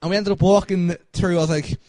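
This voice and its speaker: A man's voice: high voice, fairly even intonation, quick pace, darkish tone, a little hiss or hum. A young man co-hosting a podcast, rambling and laughing through a casual story with lots of fillers. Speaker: podcast co-host.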